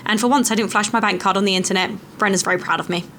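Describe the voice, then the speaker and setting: A woman's voice: medium pitch, steady tone, rapid-fire, fairly bright tone, slight background noise. A young woman vlogging a hiking trip, chatty and self-mocking as she narrates. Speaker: travel vlogger. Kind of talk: casual travel vlog narration. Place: outdoors on a mountain trail.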